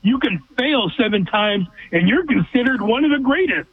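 A man's voice: extremely high pitch, animated, normal speed, husky, no room sound. A man from Southern California calling in to a sports radio show, with blunt and emphatic opinions. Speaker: regular caller. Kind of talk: call-in sports talk radio. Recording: tinny phone line, dry.

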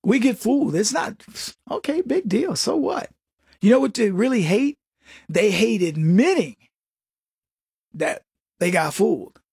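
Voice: medium pitch, very animated, unhurried, creaky, long pauses, a little mellow, breathy edge, no room sound, clean studio sound. A commentator giving a sarcastic opinion monologue, mocking people and acting out quotes.

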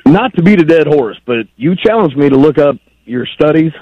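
A man's voice: on the high side, expressive, normal speed, no echo. A man calling in to a radio show, rambling and pressing the host on a point. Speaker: caller. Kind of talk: phone-in call. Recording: dull lo-fi phone line.

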